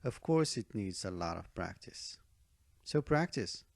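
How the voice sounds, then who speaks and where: A man's voice: lowish voice, big pitch swings, a little slow, gravelly, no echo, studio quality. A man teaching speaking-test tips in an online tutorial, emphatic, repeating key advice and checking in with "okay?" and "all right?".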